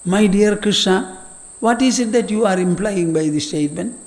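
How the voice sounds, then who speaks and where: A man's voice: high voice, moderate pace. An elderly man voicing an anxious young warrior prince who presses his teacher with troubled questions. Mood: pleading. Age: older. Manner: pleading, questioning. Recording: long hall reverb.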